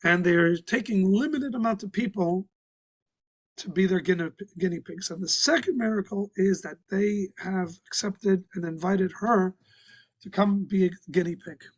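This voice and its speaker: Male rabbi with a high voice, telling a story from the pulpit in a loose, halting, conversational way. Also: rough recording. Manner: conversational, halting with restarts and fillers. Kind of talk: sermon storytelling. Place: synagogue.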